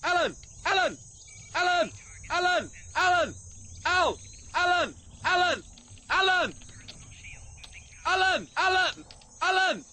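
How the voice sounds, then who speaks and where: A shrill screeching meerkat. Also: male voice, big pitch swings, takes it slowly, long pauses, pushed and bright, slight background noise, exaggerated voice. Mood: shrieking. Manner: screeching, repetitive calling. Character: shrill frantic meerkat shouting for a friend.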